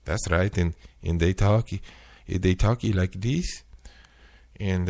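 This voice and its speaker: A man hosting a show, telling an animated, exasperated story in casual chat. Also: sits low, slow, creaky. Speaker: show host. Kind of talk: storytelling rant.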